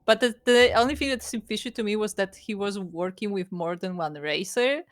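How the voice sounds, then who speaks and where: A woman's voice: medium pitch, brisk, no room sound, clean studio sound. A woman co-hosting a show review podcast, chatting casually and often agreeing along. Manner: chatty, frequent backchannel agreement. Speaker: podcast co-host.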